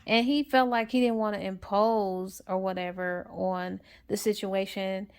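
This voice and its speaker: A woman's voice: mid-range voice, steady tone, a little slow, clean tone. A woman casually retelling a novel's plot for a book review, in a rambling, chatty way.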